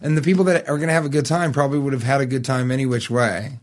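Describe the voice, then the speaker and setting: A man's voice: medium pitch, steady tone, rapid-fire. A man co-hosting a comedy podcast, riffing and joking in casual banter with crude humor. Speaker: podcast co-host.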